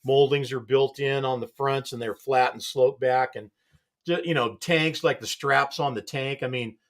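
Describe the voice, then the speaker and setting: A man hosts a relaxed studio chat at a middle pitch. He talks in a loose, rambling way and often chuckles between thoughts. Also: moderate pace. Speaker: show host.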